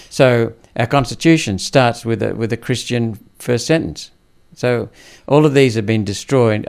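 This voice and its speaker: Man, gravelly, lowish voice, blunt, emphatic senator in a podcast chat. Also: a little mellow. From India. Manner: blunt, emphatic political talk. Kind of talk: casual interview talk.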